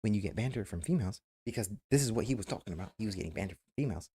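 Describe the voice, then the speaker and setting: A man's voice: on the low side, animated, rapid-fire, mellow, slightly rough. A man streamer giving casual, emphatic advice, repeating himself and acting out quoted remarks. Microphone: webcam mic.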